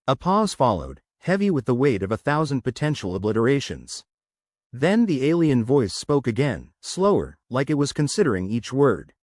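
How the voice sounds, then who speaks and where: A male narrator reads a sci-fi short story from a script, with lively, expressive pitch movement. The recording is dry and close, with no room sound. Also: normal speed, no room sound.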